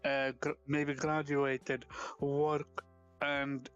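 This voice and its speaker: A man's voice: medium pitch, level tone, clear, resonant tone, soft background music. Hesitant man calling in by phone. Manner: hesitant, halting. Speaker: call-in guest. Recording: dull phone audio.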